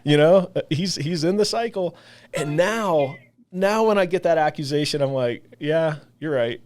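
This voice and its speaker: A man's voice: fairly high pitch, moderate pace, darkish tone. A man who leads a ministry, talking earnestly in a casual faith discussion and acting out the voices he quotes. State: emotional, voice catching. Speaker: ministry leader and podcast co-host.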